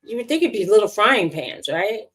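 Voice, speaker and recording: A woman's voice: mid-range voice, animated, normal speed, breathy edge. A middle-aged woman chatting casually with friends on a crafting livestream. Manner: coos and talks baby-talk to her dog. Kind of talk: casual chat.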